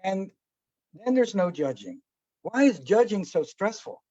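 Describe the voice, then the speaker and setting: A man's voice: high voice, sing-song, a little slow, a little mellow, no room sound. A man giving a casual spoken lesson on breathing and meditation, asking rhetorical questions and acting out little anecdotes. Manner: conversational, asks rhetorical questions, acts out anecdotes with little voices. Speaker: meditation teacher. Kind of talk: relaxed spoken teaching talk. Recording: dull lo-fi dry recording.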